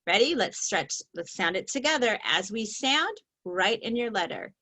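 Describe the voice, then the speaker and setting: A woman teaching a reading lesson, slowly stretching out the sounds of each word in a patient, clear way. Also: medium pitch, lively intonation, pushed and bright. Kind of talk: slow, patient phonics lesson.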